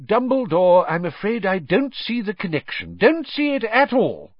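Guy doing a high blustery pompous minister man, flustered, audiobook. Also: wildly swooping pitch, normal speed, no echo, highs cut off, heavily acted. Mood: blustering. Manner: blustering, emphatic. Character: pompous flustered middle-aged male government minister.

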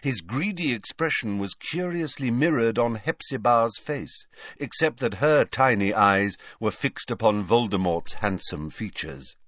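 A man reading a story aloud as narrator, clear and unhurried. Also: medium pitch, lively intonation, a bit bright, dry recording, studio quality. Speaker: audiobook narrator. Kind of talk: scripted narration.

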